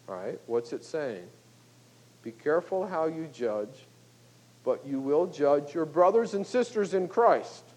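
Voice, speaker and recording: A man's voice: a little high, lively intonation, measured pace, darkish tone, highs cut off. An older man, a pastor, preaching a sermon in a conversational, folksy way, often checking in with "okay?" and "you know".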